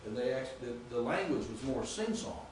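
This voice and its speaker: A man teaching a classroom lesson, picked up from a distance in a very echoey room with faint background noise. He speaks haltingly, repeats words and keeps quizzing his students. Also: medium pitch, lively intonation, darkish tone. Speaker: Greek teacher. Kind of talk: classroom lecture. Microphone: distant room mic.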